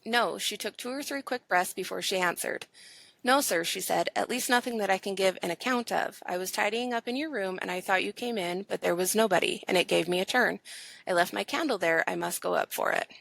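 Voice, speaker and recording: A woman's voice: mid-range voice, a little fast, vocal fry, fairly bright tone, no room sound, rough recording. A woman podcast co-host reading a ghost story aloud to her friends, with laughs in between. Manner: reads expressively, laughs easily.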